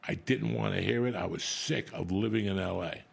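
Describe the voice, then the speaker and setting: A middle-aged comedian tells a story in loose, profane chat. His voice is low, rough and gravelly, with a husky edge. He talks bluntly and with lots of animation. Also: brisk. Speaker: comedian podcast host.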